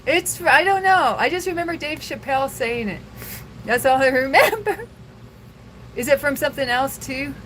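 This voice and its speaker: A woman's voice: high-pitched, expressive, moderate pace, a bit bright, slight background noise, poor audio. A young woman hosting a casual livestream, chatting loosely with viewers and laughing often. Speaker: livestream host.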